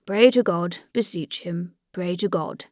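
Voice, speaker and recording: A woman's voice: fairly low pitch, a little slow, a little mellow, dry recording, studio quality, close to an everyday voice. A woman reading the part of a weary, good-natured old priest who rattles off churchly phrases in a rote rush. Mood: hurried, patient.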